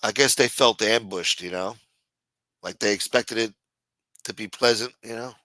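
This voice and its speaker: A man's voice: lowish voice, normal speed, sharp tone, no room sound. A man hosting a casual live stream, rambling and swearing, reading chat aloud and acting out quotes in a raised voice.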